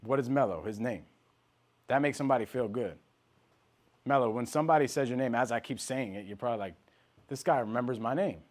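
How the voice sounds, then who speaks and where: A man's voice: mid-range voice, fast, long pauses. A man leading a live sales training, speaking directly and emphatically to his trainees and calling them by name.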